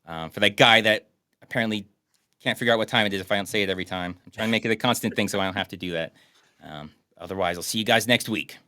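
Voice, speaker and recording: A man's voice: on the low side, quick pace, sharp tone, no echo, clean studio sound. A man co-hosting a casual podcast, bantering and joking about a movie. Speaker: podcast co-host. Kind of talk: casual chat.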